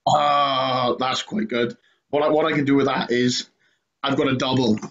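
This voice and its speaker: A man's voice: medium pitch, fairly even intonation, normal speed, a bit bright. Joking man, slightly dull audio. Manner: joking, laughs often, stumbles over words. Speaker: co-host. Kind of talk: casual podcast banter.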